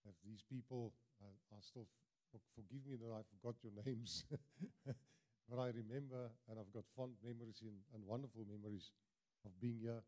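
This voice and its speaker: A man's voice: lowish voice, steady tone, normal speed, warm tone. A South African-accented older man, an Afrikaans speaker, preaching earnestly as a guest preacher in a church, often repeating words for emphasis. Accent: South African English. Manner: earnest, emphatic with frequent repetitions. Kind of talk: sermon.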